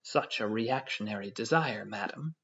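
A man voicing a pompous bearded stranger who lectures in a hushed tone. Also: lowish voice, normal speed, husky. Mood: lecturing. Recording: dull lo-fi audio.

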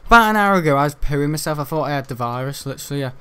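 Chatty young guy, smooth voice. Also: fairly high pitch, expressive, very fast, a bit bright. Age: young adult. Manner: chatty and rambling, frequent mild swearing. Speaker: gaming YouTuber. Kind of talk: casual gameplay commentary.

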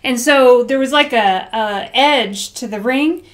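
A woman's voice: a little high, unhurried. A woman co-hosting a casual boxing talk show, chatty and enthusiastic, often giggling. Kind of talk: casual chat.

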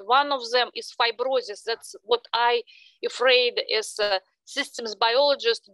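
Woman host with a thick Russian accent, halting questions, somewhat high voice, dry sound. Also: a bit bright, dry recording, poor audio. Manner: hesitant, many fillers. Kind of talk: interview questions.

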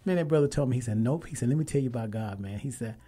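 A man hosting a radio talk show, telling a story with lively, emphatic quoted dialogue. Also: mid-range voice, rapid-fire, husky, faint music behind. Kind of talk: casual storytelling and interview.

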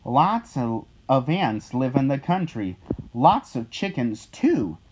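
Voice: mid-range voice, sing-song, slow, darkish tone, slight background noise. A reader doing a tiny piping ant. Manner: piping, chatty. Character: tiny chatty helpful ant. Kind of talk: storybook read-aloud.

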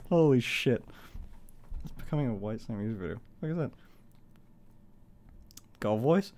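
Young male streamer; rambling, excitable, expressive up-and-down delivery with frequent laughs. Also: measured pace. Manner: rambling, swearing, giggly, high-pitched laughs. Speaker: livestream host. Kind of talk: casual live-stream chat.

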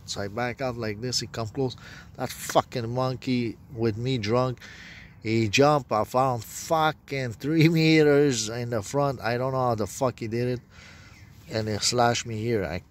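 A man's voice: medium pitch, a little hiss or hum. A man telling a rambling personal story, profane and meandering, with broken grammar. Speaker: self-described prophet.

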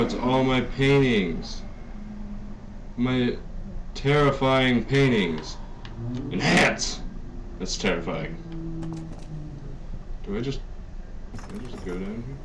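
A man's voice: mid-range voice, animated, slow pace, long pauses, distant mic, very noisy. A man commenting on a horror game as he plays, jumpy and nervous, swearing and joking through the scares. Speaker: gaming YouTuber.

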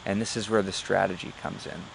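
A man with a lowish voice gives a motivational talk, halting often with fillers as he searches for words. He leans on jokes and stories to make his points, with a faint hum of background noise. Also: flat delivery, gravelly. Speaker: motivational speaker.

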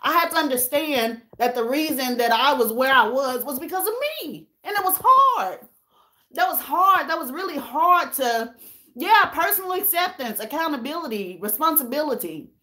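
A woman's voice: high voice, lively intonation, moderate pace, sharp tone. A woman vlogging about her own life, earnest and emotional, repeating herself and talking straight to her viewers. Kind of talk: emotional personal vlog talk.

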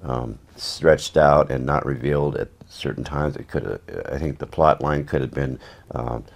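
A man with an extraordinarily low, rumbling voice, recounting stories from a career in acting. He rambles along with dry, wry asides in an easygoing interview manner. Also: normal speed, creaky. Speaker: actor being interviewed. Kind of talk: casual anecdotal storytelling.

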